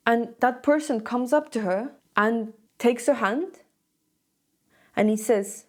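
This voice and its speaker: A woman's voice: fairly high pitch, slow pace. A young woman vlogger telling a story to camera in a casual, chatty way, often checking in with "okay?".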